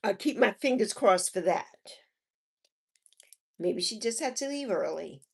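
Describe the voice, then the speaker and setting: Chatting on her live stream as she reads comments, a woman speaks unhurriedly in a mid-range voice that's creaky, slightly rough and lively in intonation. She's warm and sympathetic, using pet names and gently repeating her good wishes.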